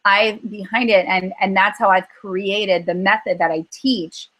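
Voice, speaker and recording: A woman speaks to a group on a call as a coach, earnest and animated, slipping into quoted inner thoughts to make her points. Her voice sits at an ordinary middle pitch for a woman. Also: a little slow, rough recording. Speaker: weight-loss coach.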